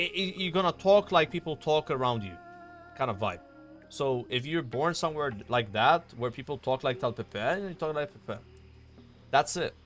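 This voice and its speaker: A man's voice: medium pitch, fairly bright tone. A young man chatting casually on a stream, rambling, swearing and filling with "like" and "you know.".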